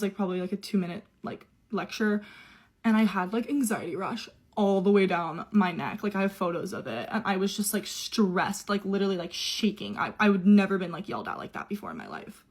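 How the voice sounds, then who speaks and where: A woman's voice: medium pitch, fairly quick. A young adult woman telling her own story in a casual way, chatty and run-on, with quoted dialogue.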